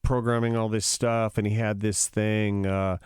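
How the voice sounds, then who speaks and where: A man's voice: on the low side, measured pace, clear, resonant tone, no echo, studio quality. A man guest on a podcast, telling stories casually and acting out sounds and quotes. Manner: animated, acts out sounds and quotes. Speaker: rock musician guest. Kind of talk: casual storytelling interview.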